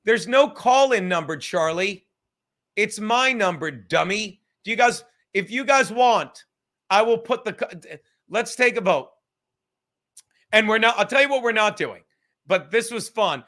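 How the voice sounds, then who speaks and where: A man hosting a livestream podcast, rambling loudly and swearing as he reads chat comments. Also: high-pitched, lively intonation, measured pace. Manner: loud, rambling, profane, reading chat comments aloud. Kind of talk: casual chat.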